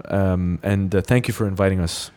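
Male podcast host, easygoing, laughs a lot, halting restarts. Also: low voice, fairly even intonation, a little mellow, clear, resonant tone. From Lebanon. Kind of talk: casual podcast interview.

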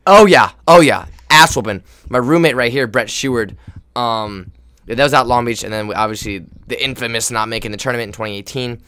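A young man, a volleyball player co-hosting a casual chat, telling animated stories with quoted voices and frequent laughter. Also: mid-range voice, brisk, clean tone. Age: young adult. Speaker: volleyball player and podcast co-host.

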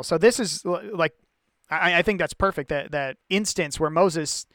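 Man co-hosting a casual bible study, high and clean-voiced, thinks aloud in stops and starts. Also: normal speed, a bit bright, no echo, clean studio sound. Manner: thinking aloud with many restarts. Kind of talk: casual chat.

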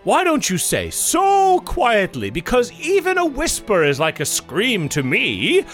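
Brief: man doing a jolly giant Santa, slow, drawn-out, animated delivery. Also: high voice, soft background music, heavily acted. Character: jolly crude male Santa Claus, giant. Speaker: comedy podcast host.

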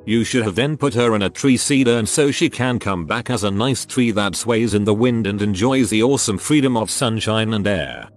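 A man's voice: fairly low pitch, normal speed, few pauses. A man narrating forum stories aloud in a scripted reading. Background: faint music.

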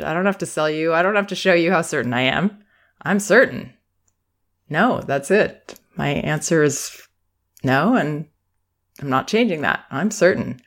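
Woman, podcast host, calm and reassuring parenting-advice talker. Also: low voice. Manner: warm, reassuring, acts out quoted phrases. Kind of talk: advice talk.

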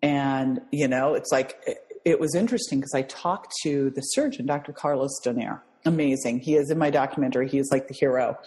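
A woman's voice: rumbling low, brisk, in a large hall, poor audio. A mother telling an emotional story in conversation, acting out the voices of the people in it and laughing often. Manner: animated, acts out quoted voices, laughs often. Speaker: guest, mother.

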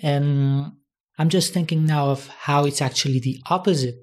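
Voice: medium pitch, fairly even intonation, moderate pace, a little mellow. Podcast host sharing a reflective anecdote. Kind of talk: casual conversation.

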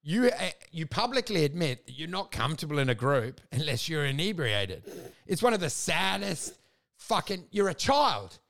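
A man's voice: a little high, sing-song, moderate pace, creaky, fairly bright tone. A man, ranting and laughing as he co-hosts a casual podcast chat, swearing often and acting out the people he quotes. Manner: ranting, crude, laughing, acts out quoted voices. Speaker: podcast co-host.

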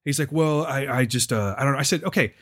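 A man's voice: mid-range voice, fast, no room sound, clean studio sound. A man telling a story in casual chat, swearing freely and acting out what others said. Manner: profane, animated, acts out quotes.

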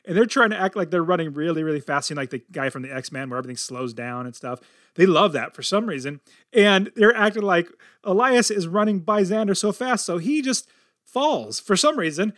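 A man's voice: high-pitched, a little fast, no room sound, clean studio sound. A middle-aged man hosting a podcast, telling a family story in a casual, upbeat way. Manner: energetic and upbeat, tells stories animatedly. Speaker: podcast host.

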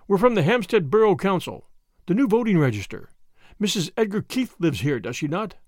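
Man as a cocky, brisk young detective. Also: sits high, sing-song, dry recording, studio quality. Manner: brisk, self-satisfied.

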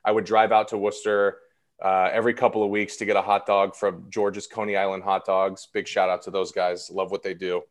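A man's voice: sits low, little pitch movement, fairly quick. A man in his thirties, an actor guest talking casually and a bit self-deprecatingly in an interview. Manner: chatty and self-deprecating, many fillers.

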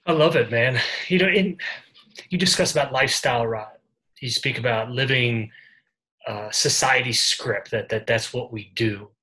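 A man's voice: medium pitch, normal speed, pushed and bright. A male podcast host asking a question with enthusiasm, hunting for his words. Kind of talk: interview question.

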